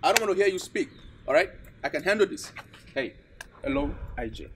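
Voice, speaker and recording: An actor with a Nigerian accent playing an impatient, dismissive young boyfriend who talks brusquely and repeats himself. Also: male voice, high voice, lively intonation, a little fast. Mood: irritated. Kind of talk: Nollywood film acting. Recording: noisy film soundtrack.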